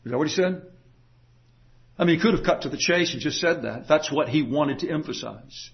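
A man's voice: on the high side, a little fast, creaky, husky, dull audio. A man preaching a sermon in an earnest, emphatic way, asking rhetorical questions. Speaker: pastor.

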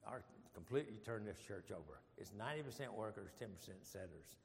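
A man's voice: fairly low pitch, animated, fairly quick, creaky, a little hiss or hum. An older man teaching a casual Bible study in church, folksy and rambling, with frequent chuckles. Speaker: preacher. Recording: long hall reverb.

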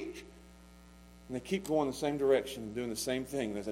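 A man preaching a sermon as pastor, passionate, swinging between loud pleading and hushed intensity. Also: medium pitch, moderate pace, long pauses, low-quality recording.

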